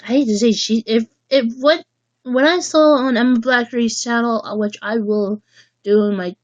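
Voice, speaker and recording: A woman hosting a casual livestream chat, rambling and halting as she restarts her sentences. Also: on the high side, no echo, highs cut off. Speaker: livestream host.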